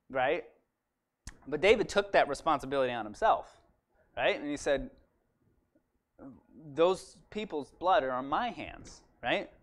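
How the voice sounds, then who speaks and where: A man with a high voice tells a church congregation a Bible story. His delivery is chatty and animated, full of "like" and "right?". He sounds like he is talking with friends rather than preaching. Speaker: church speaker. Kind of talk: casual storytelling sermon.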